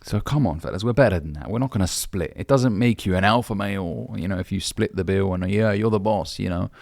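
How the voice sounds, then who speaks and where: A man's voice: low voice, a little fast, creaky, a little mellow, no room sound, studio quality. A young man from the UK, a dating coach, giving blunt, brotherly advice and swearing casually. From United Kingdom. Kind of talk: direct-to-camera advice talk.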